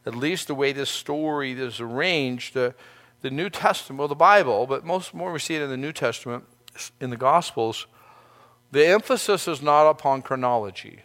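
A man's voice: mid-range voice, moderate pace, a bit bright. A male pastor giving a sermon, speaking earnestly in a conversational way and often restarting his phrases.

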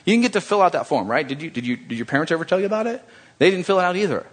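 A male pastor delivering a sermon with an animated, conversational manner. His voice sits a little high for a man and swings widely in pitch as he joshes with the congregation. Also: racing.

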